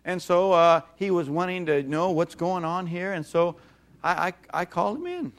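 A middle-aged male pastor preaching a sermon, telling funny family stories with animated voices and frequent chuckles. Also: high voice, moderate pace. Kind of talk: sermon with storytelling.

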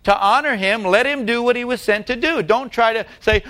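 A man's voice: very high-pitched, big pitch swings, moderate pace, a bit bright. A man preaching a sermon, emphatic and repeating key phrases, putting rhetorical questions to his congregation. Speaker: pastor.

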